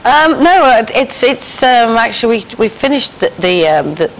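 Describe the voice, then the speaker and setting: A woman's voice: a little high, sing-song, moderate pace, slight background noise, poor audio. Hesitant London woman in her forties. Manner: hesitant, many ums and restarts. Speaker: actress guest. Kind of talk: talk show interview.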